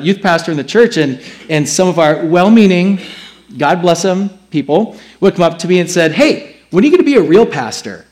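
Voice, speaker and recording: Man preaching a lively sermon. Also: a little high. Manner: animated storytelling, plays out his own past replies. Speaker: pastor.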